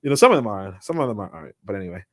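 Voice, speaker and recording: A man's voice: lowish voice, rapid-fire, no room sound. Slangy man live-streaming from a handheld device, dry sound. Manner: loose slangy talk with many fillers and restarts, shifting to steady reading of passages. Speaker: live-streamer reading a book aloud. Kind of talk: casual live-stream reading and commentary. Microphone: handheld portable computer.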